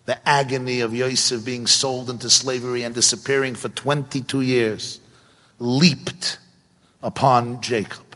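A man delivering a sermon-style Torah class, animated and pressing his point with rhetorical questions. His voice sits in a middle register, and a long reverb trails each phrase through the hall. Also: mid-range voice. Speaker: Torah teacher.

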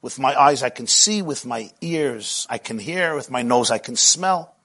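A man's voice: mid-range voice, animated, a little slow, fairly bright tone, slightly rough. A middle-aged man giving a spiritual lecture as a Jewish teacher, with rhythmic, repetitive phrasing that often builds with passion.

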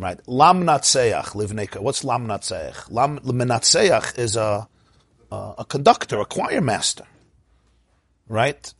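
A man's voice: medium pitch, breathy edge, no room sound. A man teaching an informal Torah class, telling stories, asking his listeners questions and chanting Hebrew verses.

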